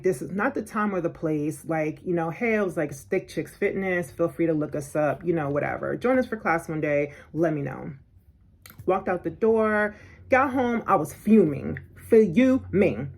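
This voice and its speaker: Indignant woman telling a story. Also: fairly low pitch. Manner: animated, indignant, acts out quotes. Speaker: vlogger. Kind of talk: storytelling vlog.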